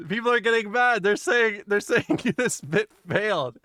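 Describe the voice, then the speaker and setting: A streamer chatting casually with viewers, rambling and laughing, often trailing off to quiet mumbles. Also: medium pitch, lively intonation, measured pace, dry recording. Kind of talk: casual live stream chat.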